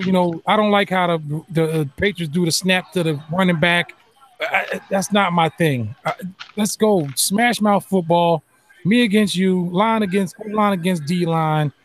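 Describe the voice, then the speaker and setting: Animated high-voiced man ranting casually. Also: a little hiss or hum. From New York area. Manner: animated, emphatic, swears freely. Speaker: podcast panel host. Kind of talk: casual sports chat.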